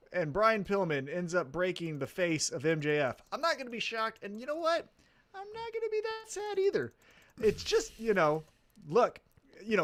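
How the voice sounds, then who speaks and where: A man co-hosting a wrestling podcast in casual chat, animated, swearing freely and laughing often. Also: high voice. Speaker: podcast co-host.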